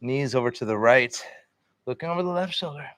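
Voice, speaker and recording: A man leading a vinyasa yoga class, calmly cueing breath and poses with relaxed encouragement. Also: mid-range voice, a little fast, dry recording, studio quality. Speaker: yoga instructor.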